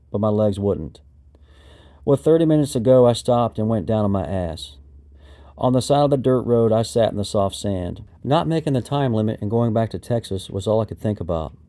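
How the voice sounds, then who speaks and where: Low, mellow male memoir narrator. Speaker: audiobook narrator. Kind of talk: first-person memoir narration.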